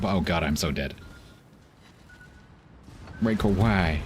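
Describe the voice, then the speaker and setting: A man commenting live on his own gameplay as a streamer, joking and complaining in animated bursts. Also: normal speed, long pauses, a little hiss or hum. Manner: animated, self-pitying, jokey banter with squeaky outbursts. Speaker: game streamer.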